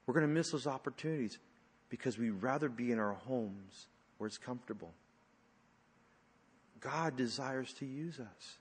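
A man's voice: mid-range voice, slightly rough. Brief: male pastor, mid-range voice, chatty storytelling sermon, long hall reverb. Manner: conversational storytelling with frequent fillers, dropping to hushed tones.

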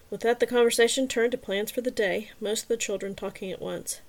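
Calm, soft-spoken woman narrator. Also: a little high, fairly quick, hardly any pauses. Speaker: podcast narrator. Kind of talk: audiobook narration.

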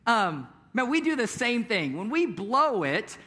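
High, bright-voiced casual pastor. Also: male voice, big pitch swings, measured pace. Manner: casual, conversational storytelling with frequent fillers and chuckles. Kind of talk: sermon with prayer and personal story. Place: church service.

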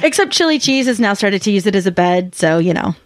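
A woman's voice: medium pitch, big pitch swings, fast, slight background noise. A woman playing in a tabletop role-playing game, chatting with imaginative ideas. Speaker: player. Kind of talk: tabletop role-play chat.

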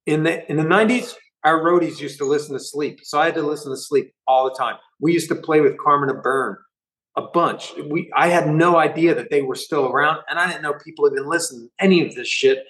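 A man's voice: a little high, brisk, poor audio. Rambling, swearing middle-aged man. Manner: rambling, profane, animated retelling. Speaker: band musician guest. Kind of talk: casual storytelling interview.

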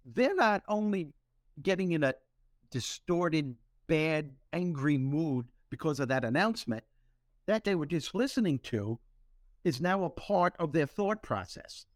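A man hosting a podcast, telling stories with humor in an animated, motivational way. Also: on the high side, measured pace, dry recording, clean studio sound. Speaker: podcast host. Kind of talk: motivational storytelling talk.

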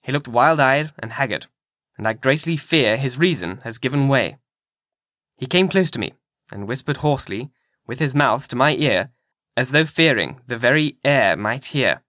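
A man reading an audiobook in a measured, grave manner. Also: mid-range voice, expressive, a bit bright, no echo, studio quality. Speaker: audiobook narrator.

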